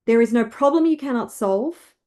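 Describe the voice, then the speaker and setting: A woman wealth coach leading listeners through slow, emphatic affirmations to repeat after her. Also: fairly high pitch, animated, warm tone.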